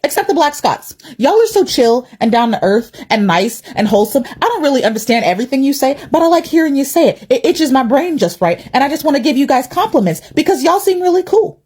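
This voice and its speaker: Woman, a bit higher voice, animated casual creator monologue. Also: a little fast, few pauses. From United States. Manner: animated, chatty, slangy. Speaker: TikTok creator.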